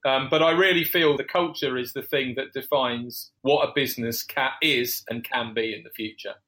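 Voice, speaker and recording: A man's voice: mid-range voice, normal speed, bright, forceful tone. A man speaking as a business founder guest on a podcast, talking reflectively with fillers and self-corrections. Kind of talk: conversational interview answers.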